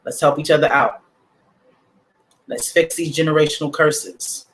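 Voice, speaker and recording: A man's voice: on the high side, fairly even intonation, measured pace, a bit bright. Emphatic man preaching affirmations. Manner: casual slang, direct address to the audience. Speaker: livestream host. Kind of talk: motivational livestream talk.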